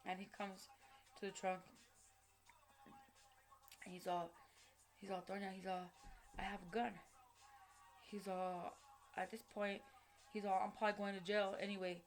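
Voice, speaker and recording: A woman telling a personal story straight to camera, blunt and heavily profane, halting and restarting as she goes. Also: mid-range voice, level tone, faint music behind. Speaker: vlogger recounting a personal story.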